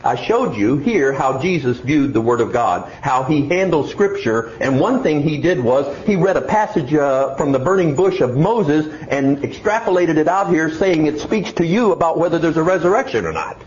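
A man's voice: a little high, lively intonation, normal speed, hardly any pauses, a little mellow, slight background noise. A man preaching a sermon, putting mock questions to himself and answering them. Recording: echoey, dull lo-fi room recording.

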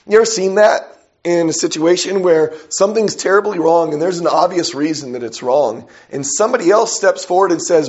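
A man preaching a sermon with a fairly high, gravelly voice. He reads scripture aloud and keeps putting questions to his listeners. The recording sounds dull and lo-fi. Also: moderate pace, darkish tone.

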